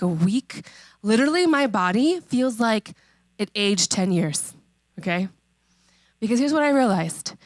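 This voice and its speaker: A woman in her thirties preaching a sermon, conversational and emphatic, repeating questions and slowing on key phrases. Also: mid-range voice, no room sound. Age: 30s. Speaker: pastor.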